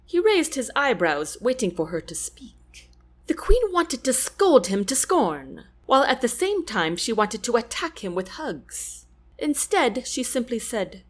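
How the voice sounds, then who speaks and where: A woman narrating a fantasy audiobook with expressive storytelling. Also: mid-range voice. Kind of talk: scripted narration.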